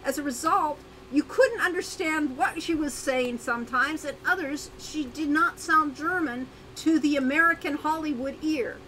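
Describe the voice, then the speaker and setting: Bright high-voiced older woman. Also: slight background noise, rough recording. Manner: quick affirming interjections, storytelling. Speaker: game designer co-host. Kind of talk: casual dev chat.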